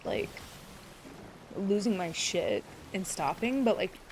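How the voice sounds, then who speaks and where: A woman's voice: mid-range voice, lively intonation, slow pace, a little hiss or hum. A woman streamer chatting casually with her viewers, rambling and swearing freely, teary at moments. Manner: rambling, emotional, swears freely, greets chat by name. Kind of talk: casual live-stream chat.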